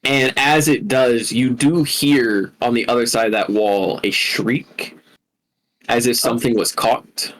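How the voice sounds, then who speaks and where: A man running a tabletop game as dungeon master, narrating slowly with many fillers. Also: mid-range voice, steady tone, fairly bright tone. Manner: slow, searching narration with fillers.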